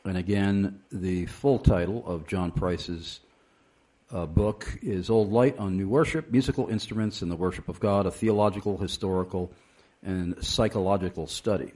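A man with a notably deep, low voice hosts a radio interview. He speaks deliberately, pausing often and filling gaps with "uh" as he lays out his points. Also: warm tone. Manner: deliberate, with frequent pauses and "uh". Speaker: radio show host. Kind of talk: interviewing a guest on a radio show.

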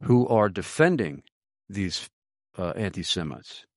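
Male host, low voice, slow and deliberate, plenty of "uh"s, dry close sound. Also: big pitch swings, no echo. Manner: slow, deliberate, many "uh" fillers. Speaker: podcast host. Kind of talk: conversational religious talk show.

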